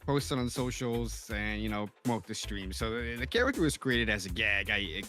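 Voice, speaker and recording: A man guesting on a casual podcast as a roleplay streamer, talking animatedly with quick restarts. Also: fairly low pitch, sing-song, bright, forceful tone, faint music behind. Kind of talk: casual chat.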